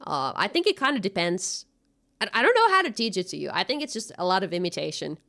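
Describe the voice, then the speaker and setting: A woman's voice: mid-range voice, very animated, quick pace, vocal fry, pushed and bright. A young woman with a Finnish accent chatting casually on a gaming stream, rambling and giggly with lots of fillers. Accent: Finnish-tinged American English. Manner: rambling, giggly, thinks aloud with many fillers. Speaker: VTuber streamer. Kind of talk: casual chat while gaming.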